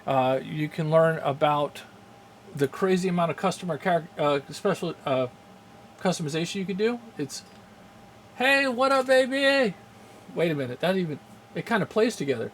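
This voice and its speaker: A man's voice: on the high side, brisk, slight background noise. Chatty, rambling male game streamer. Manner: rambling, chuckles often, greets chat viewers. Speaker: streamer hosting a game channel. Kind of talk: casual live-stream chat.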